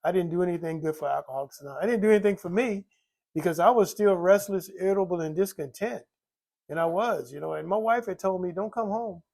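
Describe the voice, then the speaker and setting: Gravelly man telling his recovery story. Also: high voice, fast talker, a little mellow. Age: older. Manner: rambling, many "you know" fillers, acts out quoted voices. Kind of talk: personal recovery testimony.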